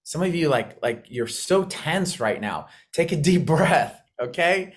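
Intense fast-talking man coaching on a call. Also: on the high side, expressive. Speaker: coach mentor on a video call. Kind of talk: high-energy motivational training talk. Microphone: video call.

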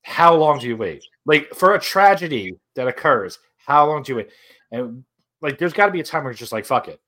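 A man's voice: fairly high pitch, sing-song, a little fast, sharp tone. A young man co-hosting a podcast, rambling through hypotheticals with a lot of "like" in casual chat. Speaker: podcast co-host.

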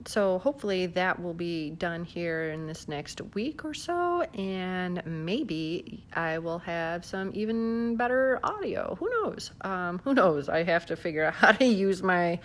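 A vlogger from the American South chats casually into the phone in her hand at home, laughing often and leaning on fillers. Her voice is on the low side and a bit bright.

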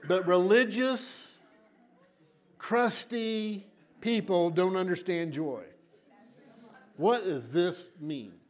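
A male preacher with a fairly high voice tells a story to a congregation. He repeats words for emphasis and moves between booming lines and quiet asides. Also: very slow, long pauses. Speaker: pastor. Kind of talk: sermon.

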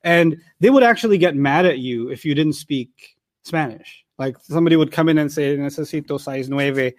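This Quran teacher from New York, United States, keeps his lesson conversational, weaving in personal stories and performing the dialogue with animation. He speaks at a normal speed in a slightly high voice, and the studio sound is clean and dry.

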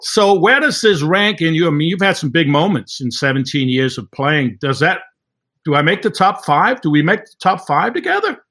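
A man in his sixties, a retired kicker hosting the conversation, asking teasing, animated questions. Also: a little high, moderate pace. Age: 60s. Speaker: host, retired football kicker. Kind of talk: casual conversational interview.

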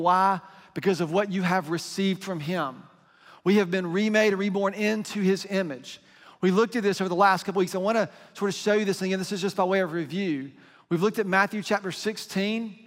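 A man's voice: high voice, fairly bright tone, long reverb tail. A man preaching a sermon as pastor, in a conversational style, reading scripture aloud.

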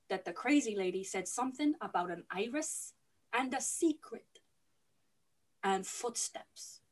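A woman casually recapping a film for a podcast, sweary and laughing, slipping into quick character voices. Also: on the high side.

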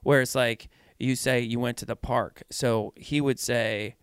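A man's voice: medium pitch, steady tone, a little slow, clean tone, no room sound, studio quality. A man from Pennsylvania co-hosting a podcast, chatting casually about a book in a rambling way full of "like" fillers. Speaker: podcast co-host.

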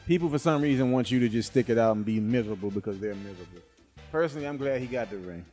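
A man's voice: medium pitch, very fast, darkish tone, soft background music. A man co-hosting a casual chat, joking and teasing in slangy speech.

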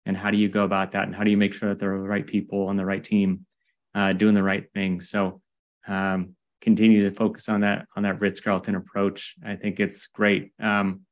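A man's voice: fairly low pitch, dull audio. A man hosting a podcast interview, rambling and enthusiastic as he tells stories and builds up to his questions. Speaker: podcast host.

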